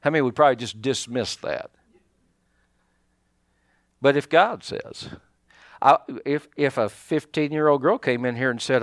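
A man preaching a sermon as pastor, in a folksy, animated way with many fillers and restarts. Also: mid-range voice, normal speed, long pauses, dry recording, clean studio sound.

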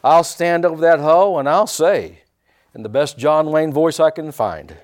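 Lively, animated male preacher. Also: fairly high pitch, normal speed. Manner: animated preaching with call-and-response and repeated phrases; folksy, joking asides. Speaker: pastor. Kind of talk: sermon.

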